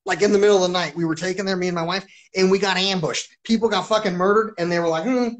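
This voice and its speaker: A man with a fairly high voice hosts his own live stream and talks on at length. His delivery is agitated and full of swearing. He loops back and repeats phrases as he goes. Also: steady tone, very fast, a bit bright. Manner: profane, agitated, repeats himself. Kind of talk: rambling live-stream monologue.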